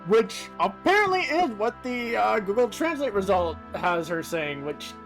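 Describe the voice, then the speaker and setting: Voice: medium pitch, sing-song, a little slow, a bit bright, soft background music. A streamer giving casual game commentary, musing aloud with frequent fillers and the odd curse. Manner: casually profane.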